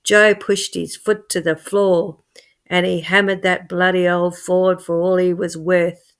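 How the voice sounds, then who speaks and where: A woman telling a scary story in an expressive way, swinging from hushed to loud. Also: fairly low pitch, measured pace, clean tone. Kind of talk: dramatic spoken storytelling.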